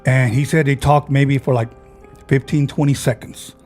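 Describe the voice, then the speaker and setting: A man's voice: medium pitch, fairly even intonation, moderate pace, a little mellow, faint music behind. A man on a podcast, casually retelling a friend's ghost story and acting out the people in it.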